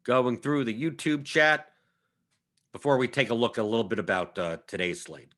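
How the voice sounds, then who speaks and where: His voice is medium-pitched, a bit bright, brisk, and lively as this young adult man hosts a fantasy sports live stream. He speaks emphatically and conversationally, circling back to his points and often adding "right?"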